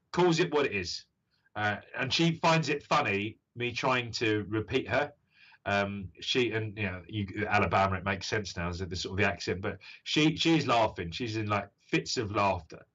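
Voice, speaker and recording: A British man in his thirties with a fairly low, sharp-toned voice hosts a live stream reading as a psychic medium. He is encouraging and rambles with plenty of fillers. The stream audio is dull and lo-fi.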